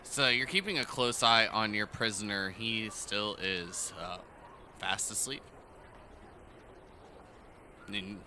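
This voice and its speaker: A man's voice: fairly low pitch, sharp tone, slight background noise. A man narrating a tabletop game as game master, in loose, rambling descriptions full of fillers.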